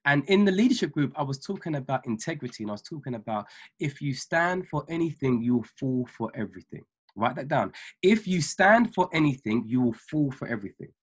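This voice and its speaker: A man who is an ordained minister, giving a motivational talk on a weekly video call, preachy and emphatic, repeating key lines slowly for notes. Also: mid-range voice, expressive, breathy edge. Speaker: ordained minister and trading mentor.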